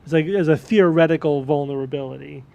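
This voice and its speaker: A man co-hosting a podcast, explaining things in an animated way and acting out quoted voices. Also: on the high side, fast talker, gravelly. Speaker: podcast co-host. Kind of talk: casual chat.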